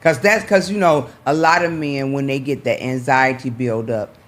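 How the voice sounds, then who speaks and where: A man's voice: medium pitch, moderate pace, fairly bright tone. A man hosting a talk show, responding emphatically to his guests. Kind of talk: casual chat.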